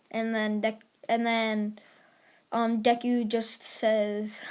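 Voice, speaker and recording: A woman telling a made-up story in a casual, rambling way, filling her sentences with "like" and "basically" and mixing quick bursts of words with slow pauses. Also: a little high, little pitch movement. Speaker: anime fan storyteller.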